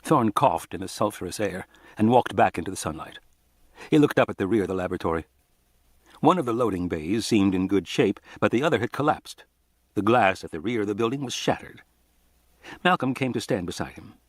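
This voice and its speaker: A man narrating an audiobook in an expressive, dramatic reading style. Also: on the low side, brisk, no echo, studio quality.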